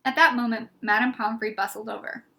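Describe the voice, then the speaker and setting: A woman giving a lively, expressive storybook read-aloud. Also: fairly high pitch, fairly quick. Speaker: audiobook reader.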